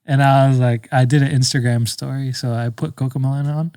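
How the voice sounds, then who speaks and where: A man's voice: mid-range voice, fairly even intonation, fairly quick, warm tone, clean tone, no room sound, clean studio sound. A young man co-hosting a podcast in casual chat, joking and laughing often. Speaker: podcast co-host.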